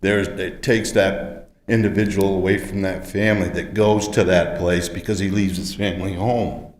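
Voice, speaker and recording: A man's voice: sits low, level tone, normal speed. A man in his sixties, emotional and frustrated, pleading his case during public comment at a city council meeting. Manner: earnest, frustrated and pleading, growing forceful. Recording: echoey council chamber with long reverb.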